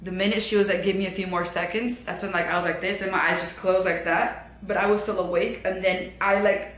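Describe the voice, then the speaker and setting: Bright-voiced young woman telling a story. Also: on the low side, fairly quick, roomy sound. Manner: rambling, filler-heavy, shifts from hushed to animated. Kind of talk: casual storytelling to camera. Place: her apartment.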